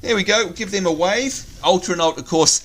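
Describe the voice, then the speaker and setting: Co-hosting his game channel's video, an Australian man chats casually and eagerly about the gameplay, calling out as guests show up. He speaks briskly in a high-sitting, slightly bright voice.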